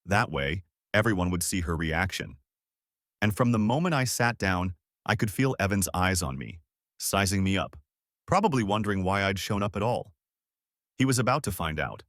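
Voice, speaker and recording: A man narrating a first-person story in a steady, even storytelling manner. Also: sits low, moderate pace, dry recording, studio quality.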